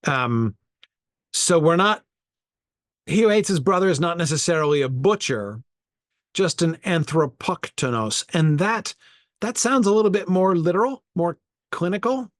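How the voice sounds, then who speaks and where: A man's voice: high voice, lively intonation, unhurried, dry recording, clean studio sound. Man thinking aloud over Greek words. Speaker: Bible study teacher. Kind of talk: informal Greek Bible study.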